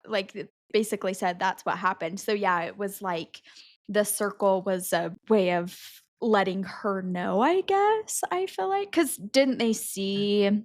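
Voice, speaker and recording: A woman hosting a podcast, leading a casual book discussion in an animated, chatty way with many filler words. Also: mid-range voice, a little slow, no room sound, clean studio sound. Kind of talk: casual chat.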